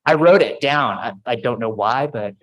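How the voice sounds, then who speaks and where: A man's voice: medium pitch, moderate pace, poor audio. A man speaking at a podium microphone in a large auditorium, giving a casual, self-deprecating ceremony speech full of stories. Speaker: faculty speaker.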